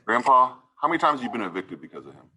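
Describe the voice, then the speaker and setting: A man's voice: medium pitch, sing-song, rapid-fire, sharp tone, breathy edge, low-quality recording. A man serving as judge, giving a stern courtroom lecture and repeatedly asking "right?" to press his point.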